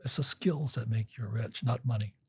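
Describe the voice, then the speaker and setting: A man's voice: on the low side, moderate pace, husky, no echo. An older man telling rambling stories in a casual interview, acting out quotes with frequent restarts. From Hawaii. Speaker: guest.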